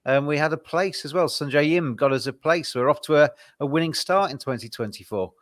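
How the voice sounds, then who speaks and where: Man, podcast host, slightly hoarse, relaxed, hesitant, dry close sound. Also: a little high, brisk, no room sound. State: voice going hoarse. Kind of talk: casual podcast chat.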